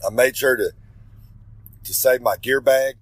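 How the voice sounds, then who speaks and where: A man's voice: mid-range voice, measured pace, dry recording, rough recording. Male wrestler, cocky promo delivery, refers to himself in third person, dry close sound. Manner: brash, swaggering, talks about himself in third person; rambling, with self-corrections. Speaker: pro wrestler giving a regular segment.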